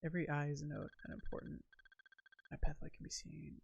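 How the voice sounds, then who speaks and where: A man's voice: on the high side, monotone, a little fast, vocal fry, highs cut off, slight background noise. A man streaming a story game, reading its text aloud, stumbling over words and laughing now and then.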